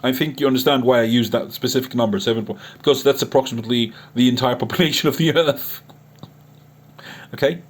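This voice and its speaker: Talking quickly at a medium pitch, this man, an online Islamic preacher and chat-room admin, addresses a critic off the cuff. He sounds earnest and emotional and keeps breaking off to start his sentences over.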